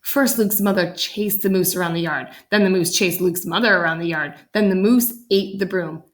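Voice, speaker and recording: A woman reading a children's picture book aloud in an animated way, jumping up in pitch for the characters. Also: moderate pace, roomy sound. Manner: animated, voices the characters with big pitch jumps. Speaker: storyteller.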